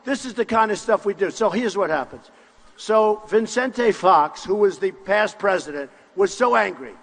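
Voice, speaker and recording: An older man giving a boastful, repetitive campaign rally speech in short punchy phrases, often shouting to the crowd. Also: high-pitched, lively intonation, moderate pace. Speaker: political candidate at a rally. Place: large university hall with crowd. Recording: long hall reverb from a live rally.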